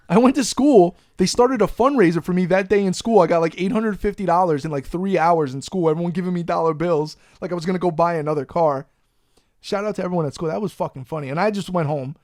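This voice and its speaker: A man, hosting a podcast and telling a profane, animated story in a casual way. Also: a little high, quick pace, no room sound, clean studio sound. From Long Island, New York. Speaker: podcast host.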